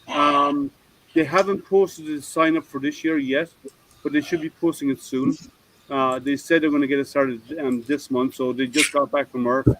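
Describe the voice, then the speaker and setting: A man's voice: on the high side, steady tone, normal speed, fairly bright tone, poor audio. A man hosting a casual livestream hangout from home, rambling and thinking aloud with plenty of ums, talking over an online call mic. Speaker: livestream host.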